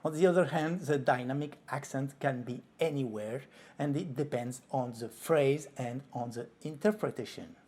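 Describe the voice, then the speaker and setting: Husky-voiced man teaching flamenco rhythm. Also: medium pitch, normal speed. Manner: explains calmly, breaks off to vocalize rhythm syllables. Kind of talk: tutorial explanation.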